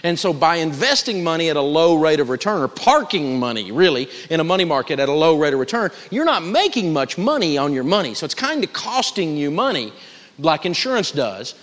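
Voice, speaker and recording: A man's voice: on the high side, big pitch swings, fairly quick, fairly bright tone. Emphatic man lecturing in a hall. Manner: emphatic, humorous, folksy storytelling. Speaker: personal finance teacher. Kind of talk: live lecture to an audience.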